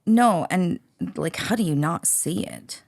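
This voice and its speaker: A woman co-hosting a podcast in casual chat, blunt and quick to laugh, swearing freely. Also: fairly low pitch, animated, vocal fry, darkish tone, dry recording, studio quality. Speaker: podcast co-host.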